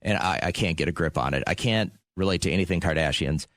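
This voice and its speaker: Deep-voiced joking radio host man. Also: fast, noisy background. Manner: joking, self-deprecating. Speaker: radio morning show host. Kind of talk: casual radio banter. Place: radio studio. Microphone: studio mic.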